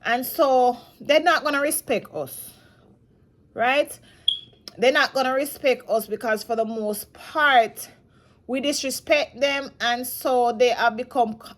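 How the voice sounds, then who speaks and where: A woman from Jamaica gives a loose, rambling vlog commentary, often restarting her sentences and pressing her points with emphasis. She sounds saddened and emotional. Her voice sits slightly high. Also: a little slow. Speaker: commentary vlogger. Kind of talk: casual commentary monologue.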